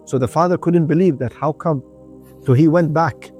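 A man's voice: a little high, moderate pace, a little mellow, faint music behind. A man telling a religious story on the radio, often repeating his phrases and using Arabic religious terms. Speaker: storyteller on a community radio station.

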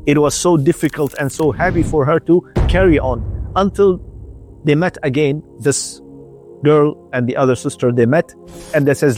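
A man giving an earnest radio sermon, telling a moral story in short, deliberate phrases with slightly non-native English. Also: fairly high pitch, darkish tone, soft background music. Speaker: radio preacher.

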